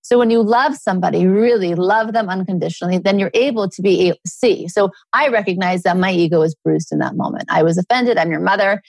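A middle-aged woman, a guest author, talking earnestly in a relaxed interview and telling personal stories. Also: mid-range voice, a little fast, few pauses, no room sound. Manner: earnest, storytelling with acted quotes.

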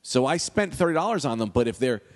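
A man's voice: medium pitch, fast talker, big-room sound. A man co-hosting a casual podcast, telling rambling anecdotes to his friends. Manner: rambling storyteller, animated. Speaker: podcast co-host.

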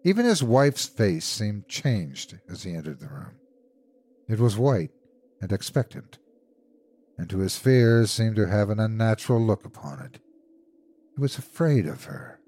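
A man hosting a horror podcast, narrating a classic ghost story in a measured, suspenseful way. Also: lowish voice, sing-song, darkish tone.

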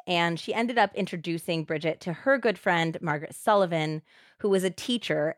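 Podcast co-host, woman, lowish voice, expressive true crime storyteller, dry close sound. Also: no room sound.

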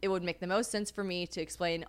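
A woman's voice: on the low side, steady tone, fast, clear, resonant tone. Bubbly young woman podcast cohost, swears a lot, laughy, casual chat. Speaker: podcast co-host.

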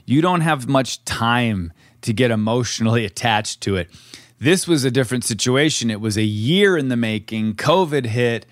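A man's voice: mid-range voice, no echo, studio quality. A middle-aged man co-hosting a podcast, chatting candidly and rambling with frequent restarts. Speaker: podcast co-host, actor. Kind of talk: casual podcast chat.

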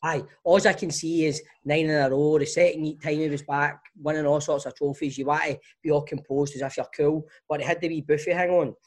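A man's voice: fairly high pitch, steady tone, brisk, few pauses. A Scottish man chatting casually and chipping in jokes and stories. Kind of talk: casual chat.

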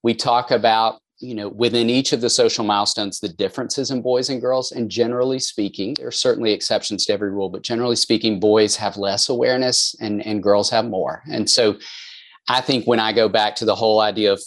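A man's voice: fairly low pitch, steady tone, fairly quick. A man, a counselor and author, speaking in an earnest, explanatory way during a podcast conversation. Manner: earnest, explanatory, many "I think" qualifiers.

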